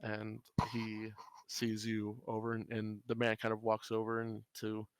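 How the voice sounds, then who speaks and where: A man narrating a tabletop game as game master, in a halting style full of fillers. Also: lowish voice, monotone, clear, resonant tone, no echo.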